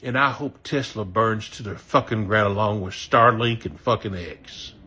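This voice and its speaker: This Southern American voter speaks in a lowish, husky, pushed and bright voice at a moderate pace. Furious, he curses a lot while airing his opinion, pausing now and then to apologize for his words.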